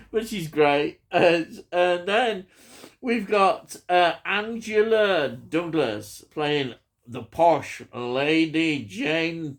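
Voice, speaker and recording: A man chatting casually about a film, enthusiastic and rambling, often chuckling. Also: on the high side. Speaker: film reviewer. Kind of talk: casual film review chat.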